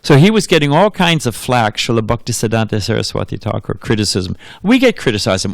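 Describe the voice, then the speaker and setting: A man's voice: mid-range voice, sing-song, fairly quick, gravelly, hardly any pauses, no room sound. A man giving a temple sermon as a monk, telling anecdotes, laughing often and putting questions to his audience. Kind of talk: storytelling sermon.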